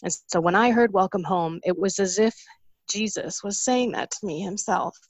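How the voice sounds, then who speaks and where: A woman's voice: mid-range voice, moderate pace, slightly rough, no echo. A woman in her forties giving an earnest, emotional personal testimony as an interview guest. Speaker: guest sharing a faith story.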